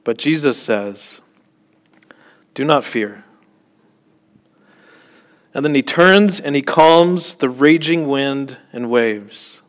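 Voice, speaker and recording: Male preacher, unhurried delivery, chatty sermon style, peppers his teaching with light jokes and "okay?" checks. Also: a little high, expressive. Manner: conversational, with joking asides and frequent "okay?" check-ins.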